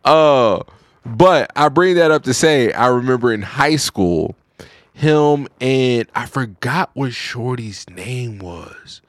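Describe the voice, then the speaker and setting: A man's voice: medium pitch, lively intonation, slow, dry recording, clean studio sound. A man chatting casually, rambling through a story with lots of filler words. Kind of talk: casual chat.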